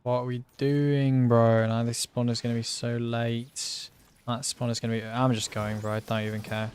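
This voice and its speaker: A young man streaming a game live, chatting to viewers in slangy, swearing, excitable gamer talk. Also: medium pitch, normal speed, slight background noise. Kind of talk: live gameplay commentary.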